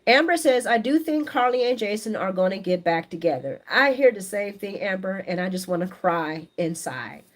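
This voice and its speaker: A woman with a mid-range voice hosts a casual live stream recapping soap operas, reading viewer comments aloud and offering her chatty, opinionated take. She talks at normal speed with few pauses, staying animated and laughing often.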